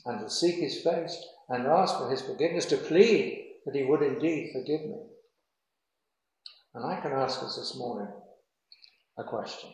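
A man preaching a sermon in an earnest, measured way, slowing down to stress key phrases. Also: medium pitch, animated. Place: church. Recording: very echoey hall.

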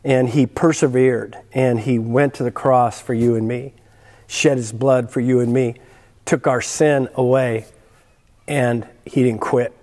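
A man's voice: medium pitch, steady tone, unhurried, a little mellow. A man preaching a sermon in an earnest, emphatic way, repeating key phrases for weight. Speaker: pastor. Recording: long hall reverb.

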